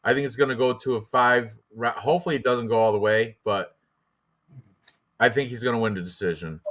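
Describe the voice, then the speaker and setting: A man hosting a fight prediction show in casual chat, rambling and excitable, with lots of fillers and restarts. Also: medium pitch, fairly quick.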